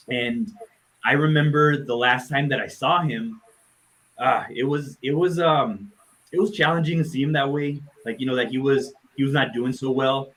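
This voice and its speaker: Man, adult, heartfelt tribute speaker, halting and full of restarts, mid-pitched. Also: a bit bright, low-quality recording. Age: adult, parent of a nine-year-old. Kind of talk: live session remembrance.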